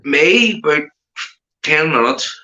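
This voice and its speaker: The recording is echoey with the highs cut off as this livestream host, a man from Northern Ireland with a Belfast accent, speaks slowly. Chatty and animated, his pitch rises as he keeps calling everyone mate in a casual chat.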